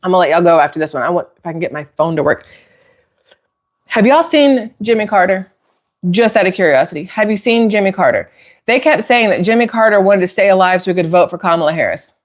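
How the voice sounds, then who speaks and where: A woman hosting a casual opinion talk for viewers, heated and emphatic, climbing into outraged near-shouts. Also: on the low side, animated, moderate pace, long pauses. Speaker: political commentary host.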